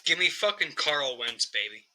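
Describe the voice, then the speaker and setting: Bright, profane sports podcast host. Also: male voice, fairly high pitch, normal speed, a little hiss or hum, rough recording. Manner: profane, animated football picks. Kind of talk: casual sports podcast banter.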